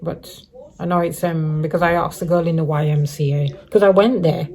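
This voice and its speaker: Mellow-voiced woman rambling through her worries. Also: low-pitched, fairly even intonation, normal speed. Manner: rambling, repeats herself, many restarts. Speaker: vlogger. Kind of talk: casual personal update to viewers. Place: living rough on the streets.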